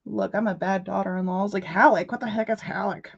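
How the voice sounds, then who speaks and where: A woman hosting a casual craft live stream, telling stories in an animated way and chatting back to viewer messages. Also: mid-range voice, gravelly, husky. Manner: animated storytelling, quick asides to chat messages. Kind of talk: casual chat. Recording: muffled lo-fi audio.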